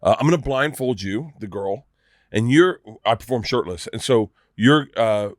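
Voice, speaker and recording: A man who is a comedian guest, telling an animated, profane story in casual chat, laughing and acting out the people in it. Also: mid-range voice, moderate pace, no room sound, clean studio sound. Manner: profane, laughing, acts out voices in his stories.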